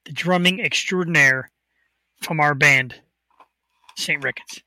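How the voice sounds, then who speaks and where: A man's voice: a little high, measured pace, long pauses, pushed and bright, dry recording, low-quality recording. A man hosting a casual podcast from a home studio, talking with upbeat, rambling enthusiasm into a desk microphone. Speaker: host.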